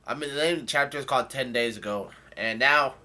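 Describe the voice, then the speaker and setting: A man's voice: medium pitch, fast talker, sharp tone. Man casually recapping a comic chapter. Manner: loose and rambling, frequent restarts. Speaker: manga chapter reviewer. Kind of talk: casual chapter recap, reading lines aloud.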